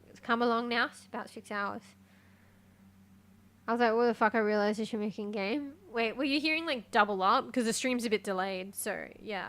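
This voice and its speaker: Her voice a little high, a woman streams a game live in casual chat, quick to get excited and swearing freely. She veers between muttering quietly and bursting out loudly.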